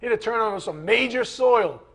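A man preaching a sermon in a conversational, animated way, with asides to the congregation. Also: very high voice, normal speed, gravelly. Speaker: pastor.

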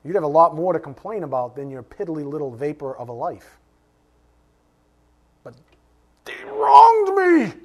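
Man, middle-aged, pastor, sermon, slightly high voice, rhetorical questions, sudden hushed drops. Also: quick pace, hardly any pauses.

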